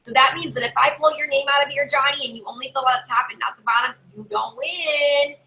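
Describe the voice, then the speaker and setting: A woman giving chatty, animated tips as a direct sales consultant in a casual live video. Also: fast talker, slight background noise, low-quality recording. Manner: chatty, animated, acts out customers in higher voices.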